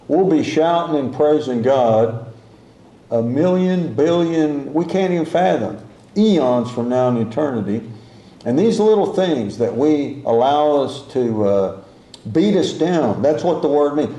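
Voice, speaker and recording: A male pastor gives an unhurried sermon in a warm, mellow voice. He talks to the congregation like a conversation, repeats key phrases and stops to correct himself. The voice rings out in a roomy church hall. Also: mid-range voice. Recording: echoey room.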